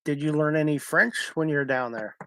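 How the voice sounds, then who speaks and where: A man's voice: a little high, brisk, sharp tone, no room sound. A man hosting a talk show, asking his guest short, plain questions over a video call. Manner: brief, plain questions with fillers. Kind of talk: interview questions.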